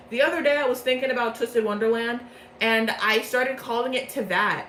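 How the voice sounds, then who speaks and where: A woman's voice: on the high side, brisk, fairly bright tone. Rambling woman, comedic plot recap. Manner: rambling, self-mocking. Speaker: video creator. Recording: roomy echo, faint noise.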